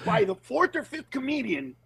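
A male comedian chatting as a podcast guest, his voice pitched high and a little husky. He tells stories with big swings up and down in pitch and keeps dropping into quick impressions. When he makes a serious point he turns earnest and emphatic, and the recording sounds close and dry. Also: dry recording, rough recording. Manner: animated storytelling, slips into quick character voices. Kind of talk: casual podcast conversation.

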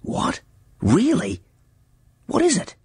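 A man's voice: sits high, huge pitch swings, slow pace, darkish tone, husky, pitched above the performer's own voice, heavily acted. A man doing a jittery young teen boy. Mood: startled. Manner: startled, jumpy questioning.

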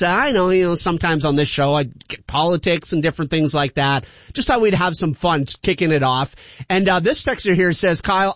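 A man's voice: high voice, a bit bright, no echo, highs cut off. A man hosting a call-in radio show, chatting in a rambling way and laughing often. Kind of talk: casual call-in radio chat.

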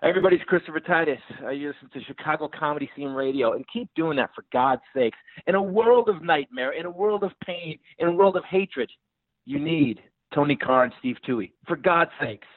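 A man recording a loud radio promo in a mock movie-trailer delivery. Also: a little high, animated, brisk. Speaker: radio show guest plugging the show. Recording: tinny phone-line sound.

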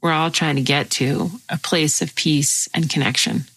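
A woman's voice: sits low, fairly even intonation, normal speed, breathy edge, dry recording, low-quality recording. A woman hosting a conversation, talking thoughtfully about her ideas and often agreeing with her guest. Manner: warmly agreeing, reflective. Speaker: host. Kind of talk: casual chat.

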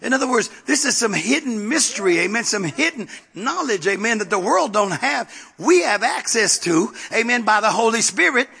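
High husky preacher man, sing-song cadence. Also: animated, a little fast, few pauses, bright, forceful tone. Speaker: pastor. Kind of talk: sermon.

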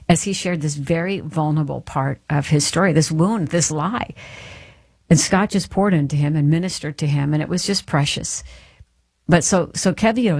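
A woman delivers a devotional teaching in an earnest, heartfelt way, speaking straight to her listeners as she tells a personal story. Her voice sits a little low and has a soft, breathy huskiness. The recording is close and dry, with no room sound. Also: no room sound. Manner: earnest, addresses listeners directly. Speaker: Christian speaker.

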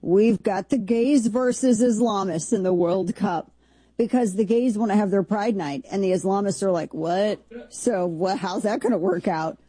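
A woman hosts talk radio with mellow, darkish tone and a slightly husky edge. She riffs in an incredulous, rambling, jokey way, and the sound is dry and close. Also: mid-range voice, normal speed, dry recording. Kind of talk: opinionated talk radio commentary.

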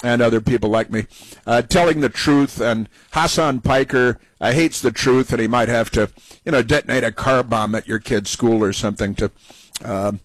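A male talk radio host delivers opinionated commentary in a rambling, sarcastic way. His voice sits at a middling pitch. The recording is dry and close, with no room sound. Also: moderate pace, no echo, rough recording.

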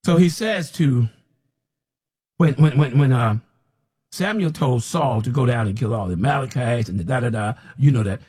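A man's voice: medium pitch, lively intonation, moderate pace, dark tone, husky. A man preaching an unscripted, scolding sermon as a self-described prophet, repeating himself as he presses his point.

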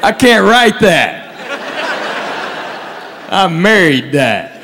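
A man's voice: high voice, big pitch swings, very slow, crowd noise, noisy background. A man performing a stand-up comedy set, telling stories in a drawling way that builds to punchlines. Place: live venue with audience.

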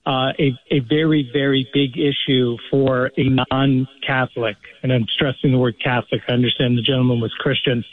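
A man's voice: medium pitch, fairly even intonation, fairly quick, few pauses. A man calling in to a radio show, explaining earnestly and restarting his sentences often, heard over the phone. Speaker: radio caller. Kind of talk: phone-in call. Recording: tinny phone line.

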